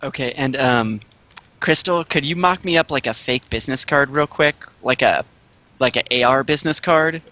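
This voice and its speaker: Eager guy at a tabletop game, bright voice, slightly muffled recording. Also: mid-range voice, normal speed, no room sound. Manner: eager, chatty, talks in character plans. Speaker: player. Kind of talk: casual tabletop game play.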